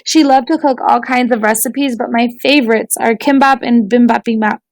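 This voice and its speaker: A woman voicing an earnest teenage girl who helps at a ramen shop, speaking softly. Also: fairly high pitch, normal speed, no echo, natural voice.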